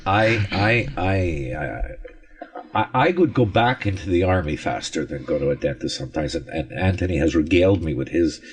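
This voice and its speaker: A man hosting a radio talk show, animated and prone to stumbling over words. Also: deep voice, normal speed, slightly rough. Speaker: radio show host, newspaper editor. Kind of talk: casual radio chat.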